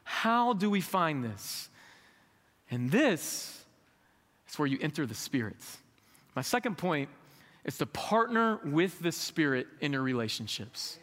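Male pastor, high bright voice, candid conversational preaching, long hall reverb. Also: big pitch swings, unhurried. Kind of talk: sermon.

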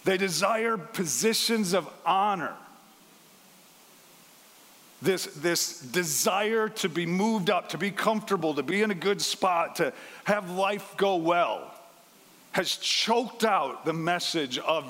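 A man with a somewhat high voice delivers a Sunday sermon in an easy, conversational way. He slips into small acted voices for the people in the passage. His voice rings out with a long reverb, as in a large sanctuary. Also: expressive, takes it slowly, a bit bright. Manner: conversational, acts out the quoted lines. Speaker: pastor.

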